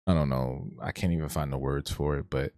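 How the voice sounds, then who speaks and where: A man's voice: extremely low pitch, fairly even intonation, brisk, darkish tone, dry recording, studio quality. A man hosting a casual livestream, talking reflectively and rambling, often restarting and stuttering. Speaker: streamer hosting an art talk show.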